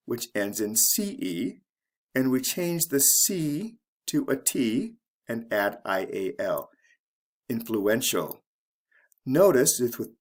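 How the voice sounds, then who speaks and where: A man teaching English word endings, spelling out letters one by one in a deliberate way. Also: mid-range voice. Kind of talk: explaining spelling rules.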